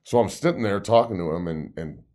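A man in his thirties, a former football player hosting a podcast, telling profane, excitable stories and acting out the quotes. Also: low voice, brisk. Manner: excitable, profane storytelling with lively put-on quotes. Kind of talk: casual podcast chat.

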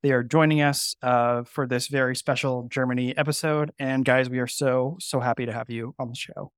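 A man's voice: medium pitch, steady tone, moderate pace, dry recording, studio quality. A man co-hosting a podcast in casual chat, eager and rambling with lots of fillers. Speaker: podcast co-host.

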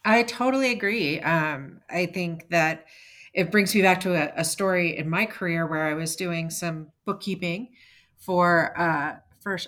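A woman's voice: on the low side, fairly bright tone. A woman co-hosting a business podcast, sharing a work anecdote in a friendly, agreeing way. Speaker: podcast co-host. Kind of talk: casual podcast chat.

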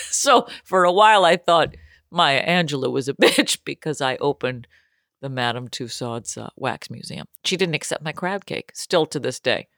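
Woman, comedian, casual podcast chat, joking, lower voice. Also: no echo, studio quality. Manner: animated, joking, quick to laugh.

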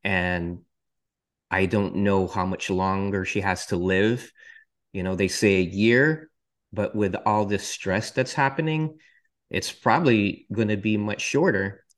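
A man's voice: fairly low pitch, a little slow. A male podcast host candidly and earnestly telling his personal faith testimony, with touches of self-deprecating humor.

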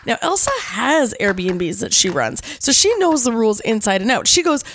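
A woman in her forties, a podcast host, telling a personal story in a playful, animated scripted narration. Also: on the high side, normal speed, hardly any pauses. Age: 40s.

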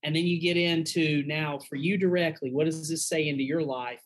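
A man's voice: on the high side, steady tone, normal speed, rough recording. A man, a pastor and guest, giving frank, earnest advice in a casual conversational way.

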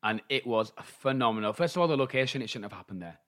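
A man's voice: medium pitch, animated, fast, fairly bright tone. A man in his thirties with an English accent, co-hosting a podcast in casual, camp chat with frequent swearing. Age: 30s. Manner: chatty, camp, swears freely. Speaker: podcast co-host.

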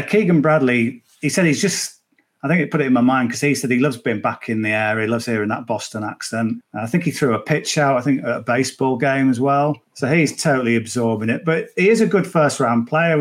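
A man speaks fairly quickly as he runs through his golf betting selections, keeping it informal and chatty like a podcast. His mid-range voice carries rambling thoughts that repeatedly circle around to earlier ideas.

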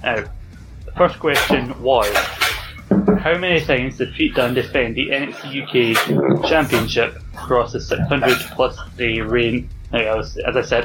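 A man hosts a casual podcast quiz. He reads each question out slowly and clearly, then drifts into quick banter with the panel. Background music plays clearly behind his voice. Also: medium pitch, low-quality recording. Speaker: quiz host.

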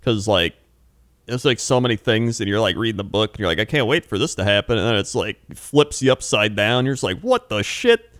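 Young guy rambling thru stories on a podcast, deep-ish clean voice, dry sound. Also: a little fast, fairly bright tone, no room sound. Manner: rambling storyteller, laughs often. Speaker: podcast co-host. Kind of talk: casual chat.

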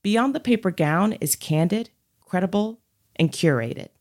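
A woman who produces podcasts, reading a scripted promo in an even, measured way. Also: mid-range voice.

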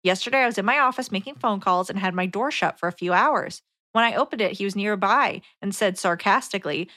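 A young woman co-hosting a podcast, reading a listener letter aloud and adding calm, wry remarks. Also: medium pitch, fairly quick, no echo, clean studio sound. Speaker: podcast co-host.

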